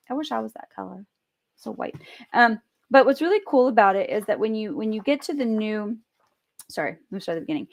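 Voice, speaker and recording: Chatty, profane woman vlogger. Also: mid-range voice. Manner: animated, profane, chatty storytelling. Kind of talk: casual storytelling vlog.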